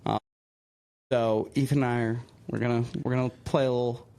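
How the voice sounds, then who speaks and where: A young man co-hosting a sports podcast, quick and self-mocking, often tripping over his words. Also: medium pitch, flat delivery, vocal fry, mellow, clear, resonant tone. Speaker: podcast co-host. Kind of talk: casual chat.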